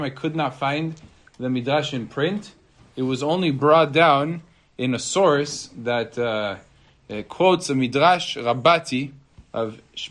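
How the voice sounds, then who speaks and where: A man's voice: medium pitch, a bit bright. A man, a rabbi, teaching a Torah class by telling a story in a conversational way. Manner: conversational, with fillers and restarts.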